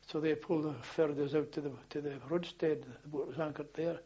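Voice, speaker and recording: Older man, halting and husky. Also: a little high, fairly even intonation, dark tone, lo-fi sound. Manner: halting, rambling with restarts and chuckles. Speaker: interviewee, former policeman. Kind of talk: oral history storytelling.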